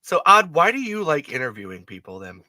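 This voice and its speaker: A man's voice: a little high, sing-song, brisk, sharp tone, no echo. A man hosting a podcast, chatting playfully and laughing often. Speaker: podcast host. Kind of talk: casual chat.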